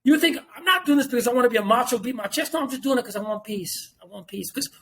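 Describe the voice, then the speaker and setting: Dude on a podcast, talks fast, high pitched, blunt, swears a lot, says stuff twice. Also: male voice, animated, fairly bright tone. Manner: blunt and profane, repeats points for emphasis. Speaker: guest. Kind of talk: casual podcast talk.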